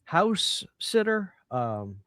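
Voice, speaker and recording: Animated chatty man co-hosting a stream. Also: sits high, drawn-out words, no echo, studio quality. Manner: animated, chatty, talks over others. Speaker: podcast co-host. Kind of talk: casual live-stream chat.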